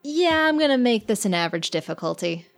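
A woman game master narrating a tabletop game in a measured, descriptive way. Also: on the high side, big pitch swings, faint music behind. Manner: measured, descriptive scene-setting.

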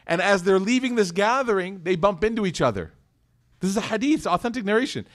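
A man with a slightly higher voice delivers a lively religious lecture. He keeps asking his listeners rhetorical questions. He breaks it up with casual, joking asides. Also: brisk. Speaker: Islamic lecturer.

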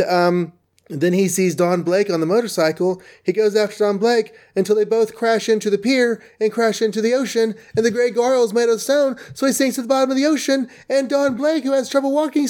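A man casually recapping a comic book story in an animated, rambling way. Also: sits high, fairly quick.

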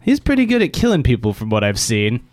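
A man's voice: medium pitch, wildly swooping pitch, fast, a little mellow, no echo. A man playing his character in a tabletop game, blunt and joking. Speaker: player.

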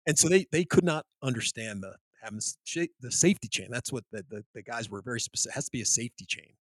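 A man on a podcast telling a long anecdote in casual chat, rambling and animated, full of restarts and "you know". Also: mid-range voice, quick pace, dry recording. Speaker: podcast host.

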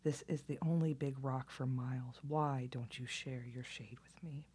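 A woman putting on a sly male snake from a storybook, hissing his words in a slow, low whisper. The voice is mellow and breathy. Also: fairly even intonation, exaggerated voice.

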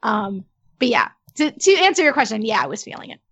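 A woman's voice: fairly high pitch, sing-song, a little fast, a bit bright, slightly rough. A woman co-hosting a casual podcast chat, eager and talkative, full of "like". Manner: enthusiastic, chatty, full of "like". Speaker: podcast co-host. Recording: dull lo-fi audio.

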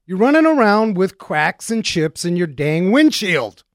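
A man hosting a car talk radio show, joking in an energetic, talkative way. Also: high-pitched, unhurried, no room sound, clean studio sound. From Arizona.

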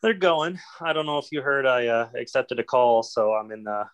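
Pastor guy chatting on a video call, dry sound, mid pitch, laughs easy. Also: steady tone, normal speed, a bit bright, clear, resonant tone, no echo, rough recording. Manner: friendly, laughs easily, self-deprecating. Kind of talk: casual chat.

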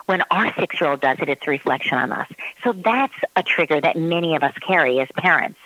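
A woman's voice: low voice, animated, a little fast, bright, forceful tone, dry recording, poor audio. A woman parenting expert giving advice in casual talk who acts out her child's voice in quotes. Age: adult parent.

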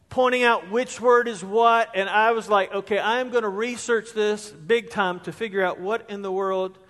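High-voiced male pastor, emphatic sermon delivery, long church-hall reverb. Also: a bit bright. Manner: emphatic, rising to stress key words. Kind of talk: sermon with scripture reading. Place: church sanctuary.

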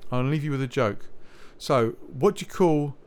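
A man's voice: mid-range voice, moderate pace, darkish tone, clean tone. A man hosting a music podcast, chatting between tracks in a rambling, jokey way. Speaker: podcast host.

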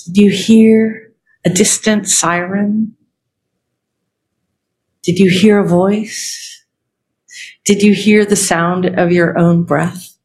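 A Zen teacher giving a meditative dharma talk in a calm, contemplative way, leaving long pauses and ending with a poem reading. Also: mid-range voice.

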